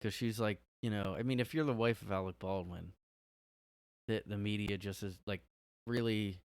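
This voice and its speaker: A man's voice: fairly low pitch, steady tone, normal speed, clear, resonant tone, dry recording. A man hosting a casual solo podcast from his room, rambling and hesitant, full of "like". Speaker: podcast host.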